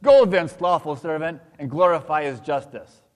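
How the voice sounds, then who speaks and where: Man playing a stern angel of judgment, archaic solemn speech, slightly high voice, long hall echo. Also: animated, moderate pace, natural voice. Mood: rebuking.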